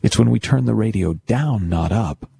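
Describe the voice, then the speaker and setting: Male speaker, husky low voice, lively delivery, tells jokes in a talk. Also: normal speed, dry recording. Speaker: speaker on worry and thinking. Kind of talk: storytelling talk.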